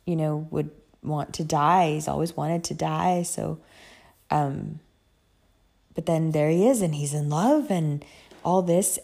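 A woman talking casually about a book series she loves, chatty and profane, telling the story with lively emotion. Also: sits low, vocal fry. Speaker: book vlogger. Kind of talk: casual chat.

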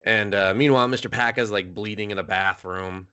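A man's voice: fairly low pitch, fairly quick, bright, forceful tone, clean tone. A young man on a podcast casually recapping an anime episode, rambling, laughing often and coughing now and then. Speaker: podcast co-host.

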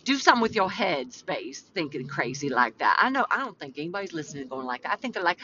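A woman's voice: low voice, very animated, fast, few pauses, pushed and bright, slightly rough. A woman hosting a faith podcast, mixing prayer with casual, slangy, rambling and self-deprecating talk. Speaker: podcast host. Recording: slightly muffled with faint background hum.

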